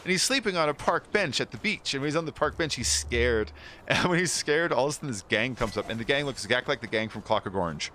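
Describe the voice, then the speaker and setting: A man's voice: mid-range voice, expressive, quick pace, sharp tone, a little hiss or hum. A man chatting casually while streaming a game, rambling through movie stories and laughing often. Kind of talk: casual gaming stream chat.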